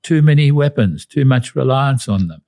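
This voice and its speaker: A man's voice: medium pitch, animated, creaky, warm tone. Older Australian man telling stories. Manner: measured, anecdotal, with restarts. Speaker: guest, retired diplomat. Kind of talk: interview storytelling.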